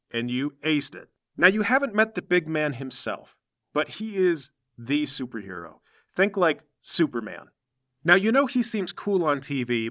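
A man's voice: medium pitch, pushed and bright. A man narrating a second-person story in a casual, conversational way.

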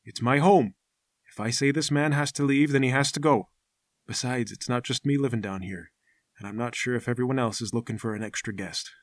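A man voicing a gruff, reclusive hermit who lives down in an old mine, speaking low and grave. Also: brisk, dry recording, clean studio sound, close to an everyday voice. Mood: grim, firm.

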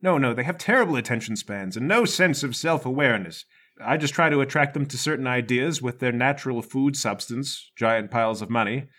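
Man doing a tired rich old schemer, matter-of-fact, bright voice. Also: mid-range voice, lively intonation, brisk. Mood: weary. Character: weary rich older male power broker.

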